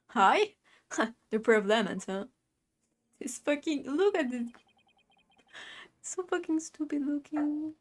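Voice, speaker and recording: Casual woman streamer, giggly commentary, slightly high voice. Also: expressive, takes it slowly, pauses often.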